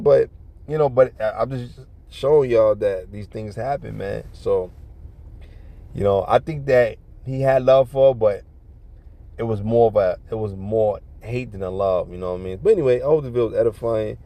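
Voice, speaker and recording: Gravelly streetwise man preaching. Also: mid-range voice, moderate pace, dark tone. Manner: profane, streetwise, fills talk with "man" and "you know what I'm saying"; earnest religious exhortation. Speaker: vlogger giving life advice. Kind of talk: casual storytelling and preaching.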